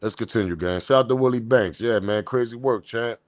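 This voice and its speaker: A man hosting a live stream, talking in a casual, rambling and slangy way, reacting to a video and shouting out viewers. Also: mid-range voice, a little fast, no room sound. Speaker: host.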